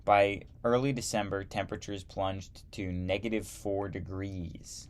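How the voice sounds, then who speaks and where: Man reading a history lesson, low voice, very slow, dry asides. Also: flat delivery. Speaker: history teacher. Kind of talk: reading a history textbook aloud.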